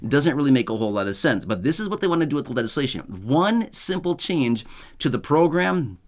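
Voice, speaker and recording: A man talking straight to his viewers at a mid pitch, chatty and upbeat. He keeps circling back with "right?" and "again", now and then adding a dry, sarcastic aside as he explains the news. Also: very animated, fairly quick. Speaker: YouTube channel host. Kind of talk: casual explainer monologue.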